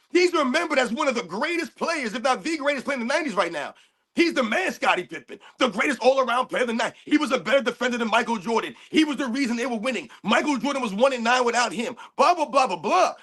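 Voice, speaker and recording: A man's voice: very high-pitched, fairly bright tone. A man co-hosting a sports rant livestream, arguing heatedly with rhetorical questions. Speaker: co-host.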